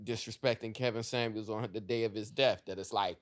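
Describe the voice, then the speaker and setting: A man co-hosting a casual podcast, telling stories with animated, shouted impressions. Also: fairly low pitch, fairly quick. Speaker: podcast co-host.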